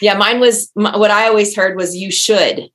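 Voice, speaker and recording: A woman's voice: medium pitch, fairly even intonation, moderate pace, fairly bright tone. Affirming woman hosting an interview. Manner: affirming, reflective. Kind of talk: conversational interview.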